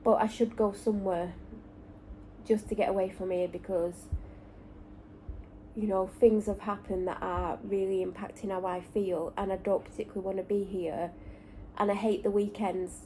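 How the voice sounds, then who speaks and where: Woman, Lancashire accent with Manchester traces, casual rambling vlog chat, mellow tone, parked car, faint background noise. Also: mid-range voice, flat delivery, moderate pace, rough recording. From North West England. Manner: rambling, candid, self-correcting. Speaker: vlogger. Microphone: camera or phone in the car.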